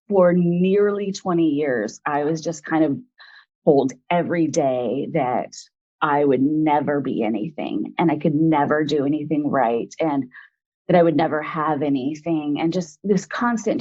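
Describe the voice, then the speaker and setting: A woman's voice: low voice, a little slow, dark tone, muffled recording. A woman in her forties, an interview guest, telling a personal story in a rambling, frank way full of fillers.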